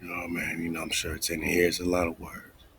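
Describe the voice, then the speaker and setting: A man hosting a radio show, thinking aloud as he looks up words, muttering and whispering asides to himself and reading quoted lines slowly. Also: low-pitched, completely flat delivery, vocal fry, fairly bright tone, slight background noise. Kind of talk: casual research talk, looking up words live.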